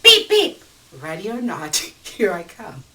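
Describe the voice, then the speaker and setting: A woman's voice: medium pitch, wildly swooping pitch, a little slow, a little mellow, distant mic, voice pushed up. A woman voicing a cheerful, pushy little rickshaw horn in a bouncy sing-song way while reading a picture book aloud. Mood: bold.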